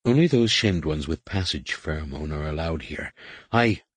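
A man's voice: extremely low pitch, expressive, moderate pace, breathy edge, no echo, heavily acted. Man voicing a proud, strained alien woman. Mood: haughty. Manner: haughty, strained. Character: weary alien woman shaper, proud and in pain.

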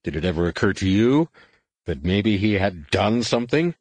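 A man's voice: fairly low pitch, big pitch swings, normal speed, dry recording. A man reading an audiobook, voicing a smug, cruel male police lieutenant who talks down to his prisoner. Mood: condescending.

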